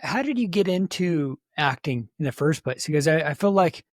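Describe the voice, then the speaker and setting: Male podcast host, fairly high voice, meandering filler-heavy questions, dry sound. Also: expressive, moderate pace, no echo. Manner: rambling, many fillers. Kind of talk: interview questions.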